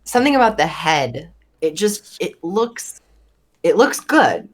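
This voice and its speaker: A woman's voice: on the low side, very animated, unhurried, slightly rough. A woman chatting as a guest on a casual gaming podcast, tossing in joking asides.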